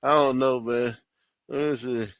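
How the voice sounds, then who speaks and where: A man's voice: mid-range voice, fairly even intonation, unhurried, a bit bright, clean tone, no room sound, poor audio. A man hosting a stream, casually reacting to video clips with loose, joking talk and frequent laughter.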